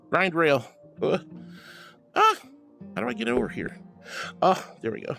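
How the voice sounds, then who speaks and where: A woman's voice: on the low side, very animated, a little slow, vocal fry, long pauses, fairly bright tone. A woman hosting a casual live stream, bubbly and affectionate as she greets viewers and reads chat aloud. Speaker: livestream host. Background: background music.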